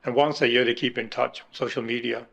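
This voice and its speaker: Middle-aged guy telling his transplant story, stops and restarts a lot, gets choked up, medium pitch. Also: steady tone, creaky, a bit bright, highs cut off. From United Kingdom. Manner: halting, emotional, fills with uh and restarts. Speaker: kidney transplant recipient, interviewee. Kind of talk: emotional personal account.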